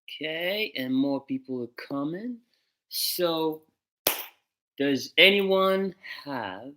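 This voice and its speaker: A man hosting a casual music livestream, greeting viewers by name in a relaxed, chatty way and slipping into French and Spanish greetings. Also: a little high, slow pace. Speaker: musician hosting a live stream.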